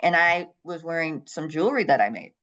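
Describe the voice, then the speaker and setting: A middle-aged woman with a lowish voice tells a story as a podcast guest, dropping into the voices of the people she quotes. The recording sounds dull and lo-fi. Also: lively intonation, fairly quick, a bit bright. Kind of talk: storytelling in an interview.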